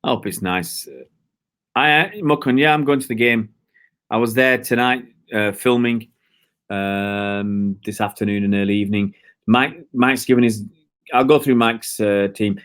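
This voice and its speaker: A man's voice: mid-range voice, unhurried, fairly bright tone, clear, resonant tone. A man hosting a live stream, chatting in a rambling, hesitant way with lots of fillers and talking to his viewers. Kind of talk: casual live-stream commentary.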